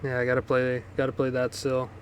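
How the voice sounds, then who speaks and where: Male co-host, loose rambling chat, flat and even pitch. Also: fairly quick, slight background noise. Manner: loose, rambling, swears casually. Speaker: podcast co-host. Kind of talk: casual chat.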